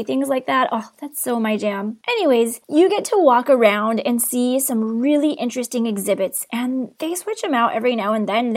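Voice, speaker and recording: Bubbly young woman podcast host. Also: a little high. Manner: bubbly, enthusiastic. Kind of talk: casual travel podcast narration.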